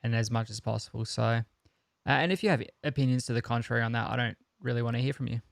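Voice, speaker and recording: A man co-hosting a tech podcast in casual chat. His voice is gravelly and his delivery is fairly flat, earnest and opinionated, full of ums and restarts. The sound is close and dry. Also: mid-range voice, quick pace, no echo. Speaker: podcast co-host.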